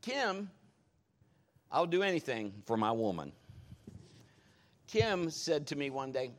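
A man preaching a sermon, telling stories in a jokey, animated way. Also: fairly low pitch, unhurried, pauses often, slight background noise.

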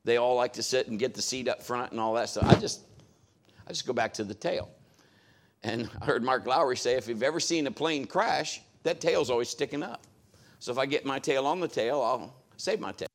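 A man's voice: medium pitch, fairly quick. A man preaching a sermon in a conversational style, telling a story and acting out what others said. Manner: conversational, acts out quoted voices.

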